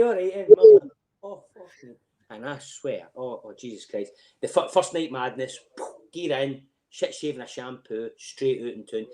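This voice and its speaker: A middle-aged Scottish man telling stories as a podcast guest in a casual, animated way, swearing freely and laughing between lines. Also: medium pitch.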